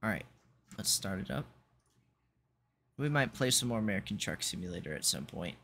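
A man's voice: fairly low pitch, very animated, normal speed, bright, forceful tone, a little hiss or hum. A man streaming a video game, chatting casually, thinking aloud and correcting himself as he goes. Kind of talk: casual gaming stream chat.

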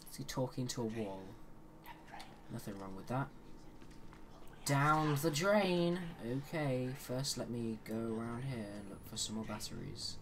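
A man talking through a horror game as he plays it, in a casual, chatty commentary voice. He cracks jokes between moments of tension, and his voice sits at an ordinary middle pitch. A faint hiss runs under the recording. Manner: chatty, joking asides while playing. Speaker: let's play host.

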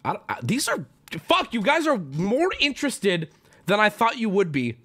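A man chatting on a live stream with a fairly high voice that swings wildly up and down. He is excitable and swears casually, often jumping into loud, pitched-up outbursts before dropping back to easy chat. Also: moderate pace. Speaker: streamer opening card packs.

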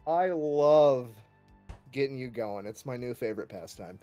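A man's voice: mid-range voice, expressive, measured pace, over music. A man as a guest on a casual stream, teasing the host in a dry, amused way. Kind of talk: casual chat.

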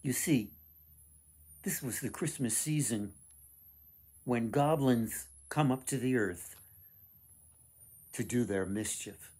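A man reading a folktale aloud to children, expressive with dramatic pauses. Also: mid-range voice, breathy edge. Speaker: author reading his book. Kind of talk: storybook read-aloud.

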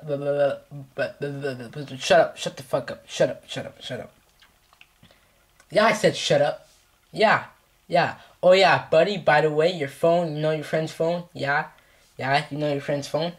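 A man's voice: fairly high pitch, moderate pace, fairly bright tone. Profane, taunting male vlogger. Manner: profane, mock-threatening, repeats taunts. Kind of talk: comedic scolding skit.

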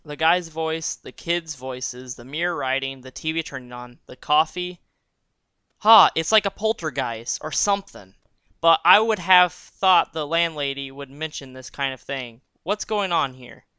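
A man's voice: a little high, measured pace, bright, forceful tone, smooth, dry recording. A young man giving casual gameplay commentary, joking and thinking aloud as he reads the game text. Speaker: let's play gamer.

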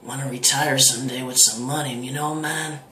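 A man's voice: mid-range voice, fairly even intonation, moderate pace, bright, forceful tone, a little hiss or hum, lightly acted. A man doing an impression of a laid-back stoner man who drawls and tacks "man" onto almost every phrase, in an echoey room. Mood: mumbling.

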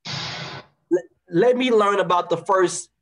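The Louisiana guest from Baton Rouge has a high, slightly bright voice and speaks slowly. In this relaxed conversation he argues passionately, circling back on words as his points build up.

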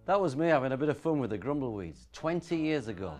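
A middle-aged man with a Yorkshire accent, telling stand-up one-liners in a wry, deadpan way. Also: medium pitch, fast, music in the background. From Yorkshire Dales, England. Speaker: stand-up comedian.

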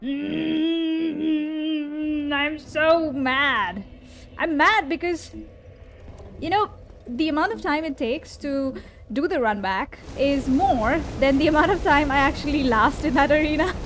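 High-pitched woman calmly talking thru a game, lots of little laughs, music underneath. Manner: chatty, laughs often, talks to the boss. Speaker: gaming video host. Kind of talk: live gameplay commentary.

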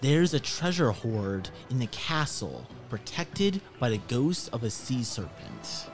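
A man's voice: medium pitch, wildly swooping pitch, slow, creaky, music in the background, heavily acted. A man putting on a sly tavern keeper woman. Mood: gossiping.

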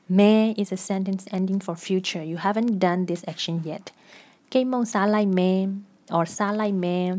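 A woman's voice: mid-range voice, moderate pace, darkish tone. A woman teaching a language lesson, patiently repeating example phrases and explaining their meaning.

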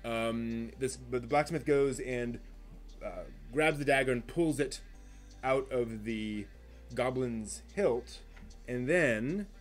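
A man's voice: medium pitch, slow, faint music behind. Rambling man running a tabletop game. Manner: rambling, many ums and restarts. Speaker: game master and miniature painter. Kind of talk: live-stream tabletop narration while painting.

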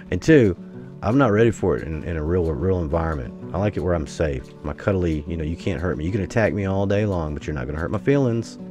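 A low-voiced American man, a gaming YouTuber, rambles casually through gameplay commentary, bouncing between excitement and grumbling.

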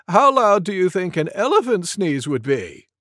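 A man narrating a picture book for toddlers as a friendly goose host, expressive and exaggerated. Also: high-pitched, no echo, clean studio sound, heavily acted. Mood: gentle. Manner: animated, slow and exaggerated. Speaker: storybook narrator. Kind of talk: expressive storybook reading for preschoolers.

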